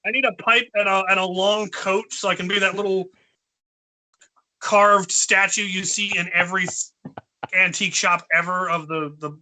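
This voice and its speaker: Man, high voice, very bright tone, playful livestream co-host. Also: steady tone, normal speed. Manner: playful, hams up a mock Russian voice. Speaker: charity stream co-host. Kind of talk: joking livestream chat.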